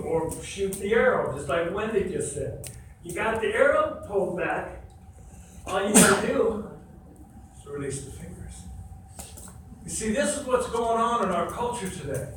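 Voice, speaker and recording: A man's voice: high-pitched, animated, unhurried. A man preaching a sermon, emphatic and repetitive, quizzing the congregation. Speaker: pastor. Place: church sanctuary. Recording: echoey hall from far off, faint noise.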